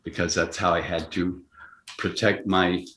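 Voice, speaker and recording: Lower-voiced older man in an echoey room. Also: flat delivery, noisy background. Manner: acts out quoted voices, jumping higher and louder; halting, with many restarts. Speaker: actor guest. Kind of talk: anecdotal storytelling. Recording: roomy echo.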